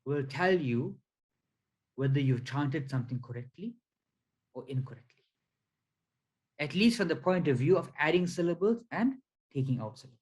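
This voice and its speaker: A man giving a spiritual lecture over slides, explaining slowly and deliberately with frequent fillers. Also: fairly high pitch, expressive, a little mellow, breathy edge, rough recording. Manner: counts syllables aloud one by one. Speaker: spiritual teacher.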